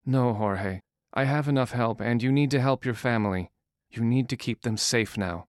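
Determined young woman, firm and direct, smooth tone, dry close sound, voiced by a man. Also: mid-range voice, moderate pace, no room sound, natural voice. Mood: urgent. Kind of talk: audiobook character voice.

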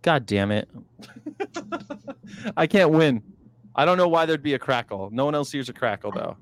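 A man's voice: fairly high pitch, very animated, a little slow, slight background noise. Joking, swearing male podcast host. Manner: profane, joking banter. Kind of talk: casual chat. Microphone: earphone mic.

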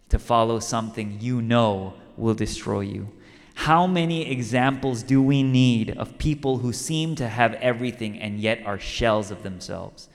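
Male pastor, mid-pitched, conversational sermon delivery, long hall reverb. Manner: conversational preaching with stories and repeated lines for emphasis.

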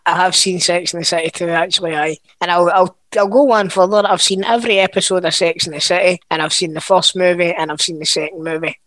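A man's voice: high voice, fairly even intonation, quick pace, few pauses, fairly bright tone, no echo. A man co-hosting a podcast, chatting casually and cursing freely. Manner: banter-heavy, swears freely. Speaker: podcast co-host. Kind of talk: casual chat.

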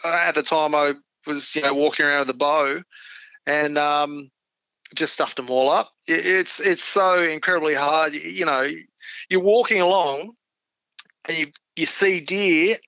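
Gravelly, bright man on a podcast. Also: on the high side, no echo. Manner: easygoing, self-deprecating storyteller. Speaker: podcast guest. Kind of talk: casual chat about hunting. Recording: dull lo-fi dry sound.

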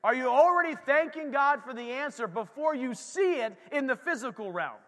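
A man preaching a casual sermon as pastor, animated and talking straight to the congregation. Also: very high-pitched, moderate pace, in a large hall.

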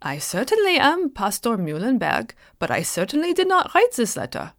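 A man's voice: extremely high pitch, huge pitch swings, normal speed, fairly bright tone, no room sound, studio quality, voice pushed up, exaggerated voice. A woman voicing a dignified colonial pastor, bewildered at an accusation, speaking formally and with measure.

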